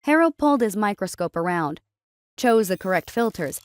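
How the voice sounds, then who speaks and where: A woman reading a science fiction story aloud in a steady, even storytelling voice. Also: mid-range voice, normal speed. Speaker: narrator. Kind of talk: scripted story narration.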